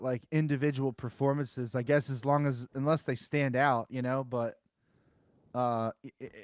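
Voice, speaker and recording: A man's voice: medium pitch, no room sound. A man co-hosting a sports podcast in casual, profane chat, rambling with lots of fillers and restarts. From Philadelphia area. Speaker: podcast co-host.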